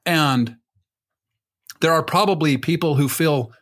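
A man's voice: a little high, takes it slowly, fairly bright tone. A man co-hosting a podcast in casual chat, rambling and self-mocking, swearing freely. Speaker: podcast co-host.

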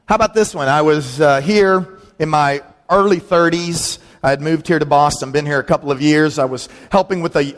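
A middle-aged man, a pastor, telling humorous personal stories in a sermon and acting out friends' voices. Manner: storytelling, animated, acts out quoted friends in a higher voice. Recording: long reverb of a large hall.

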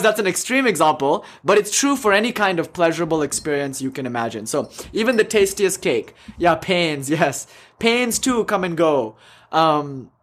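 A young man talks to his yoga class in a loose, joking way, full of ums and easy laughter. His voice sits a little high for a man. He drifts from one point to the next like a casual teacher speaking off the cuff. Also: a bit bright. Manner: laughs often, jokey, rambling with fillers. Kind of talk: casual spiritual talk to a class.

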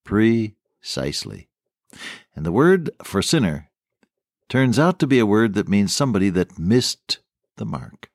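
A man's voice: fairly low pitch, sing-song, measured pace, creaky, no echo, clean studio sound. An older man preaching a radio sermon, telling stories in a folksy, earnest way.

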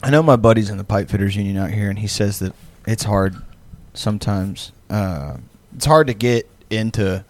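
A man's voice: lowish voice, moderate pace, hardly any pauses, a little mellow. Rambling, profane man in podcast chat. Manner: rambling, profane, lots of fillers; laughs often. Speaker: podcast co-host. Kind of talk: casual chat.

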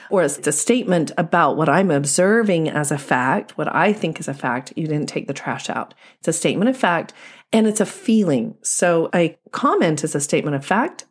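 A woman couples therapist giving an instructional talk, explaining ideas step by step through examples. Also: fairly low pitch.

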